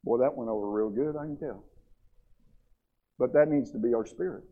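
A man's voice: medium pitch, normal speed, narrow, tinny audio. A middle-aged man preaching a sermon in a church, impassioned, with stammered restarts as he builds. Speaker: pastor.

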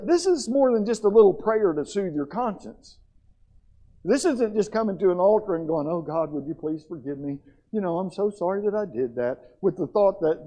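A man's voice: on the high side, warm tone, highs cut off. A middle-aged man preaching a sermon in a church, impassioned, with stammered restarts as he builds. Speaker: pastor.

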